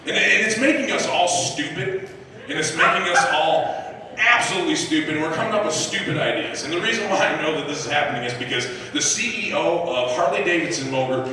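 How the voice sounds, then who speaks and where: Guy doing a foul-mouthed stand-up set, big echoey room, mic far off, crowd laughing behind him. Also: on the high side. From United States. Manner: profane, animated, acts out voices and shouts. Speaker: stand-up comedian. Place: live comedy club stage. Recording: echoey club room recorded from a distance. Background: audience laughter.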